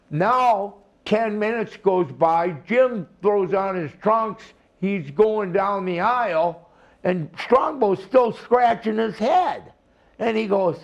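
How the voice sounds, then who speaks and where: A man's voice: high-pitched, expressive, slow, dull audio. An older man, a retired wrestler, telling rambling stories with laughs and restarts in a casual interview.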